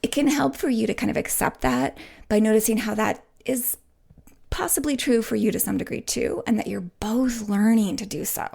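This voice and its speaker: A woman podcast host and relationship coach answering listener questions, speaking softly and reassuringly, often dropping to a whisper and checking in with "right?". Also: fairly high pitch, lively intonation, moderate pace, gravelly, husky. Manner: soft, gentle, often drops to a whisper.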